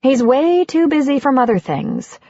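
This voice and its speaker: A woman reading an audiobook and voicing a playful, affectionate middle-aged woman, lifting her voice higher for her. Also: expressive, unhurried, mellow, muffled recording. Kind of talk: audiobook character voice.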